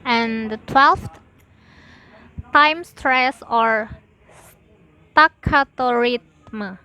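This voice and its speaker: A young adult woman, a student, reads a class presentation slowly and carefully, like going through a list. Her voice is a little high, pushed and bright, and the sound is lo-fi.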